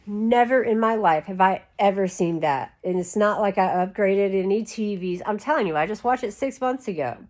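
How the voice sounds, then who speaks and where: A woman's voice: medium pitch, normal speed, few pauses, a little mellow. A woman chatting to camera in a rambling, casual way full of "like" fillers, talking while lying down. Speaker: YouTube creator.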